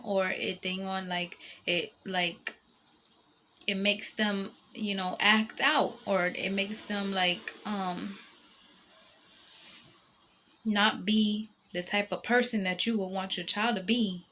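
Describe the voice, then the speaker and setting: A woman's voice: medium pitch, fairly even intonation, slow pace, bright, forceful tone, a little hiss or hum. A mother talking to her viewers in a casual vlog, rambling and emotional, circling back on herself with many fillers and restarts. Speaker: vlogger and mother.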